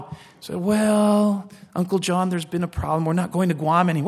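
Male pastor, high voice, storytelling sermon, slows for emphasis, big hall reverb. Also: level tone, fairly bright tone.

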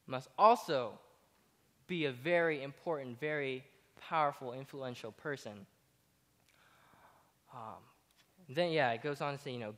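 A man's voice: fairly high pitch, a bit bright. A young man giving a casual sermon, stumbling through many fillers and restarts as he retells scripture with jokes. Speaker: speaker giving a Bible talk. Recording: long hall reverb.

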